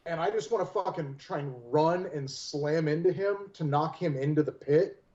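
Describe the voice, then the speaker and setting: A man's voice: on the high side, normal speed, a little mellow. A man playing a tabletop game in a loose, joking way, swearing casually. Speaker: player. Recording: dull lo-fi mic.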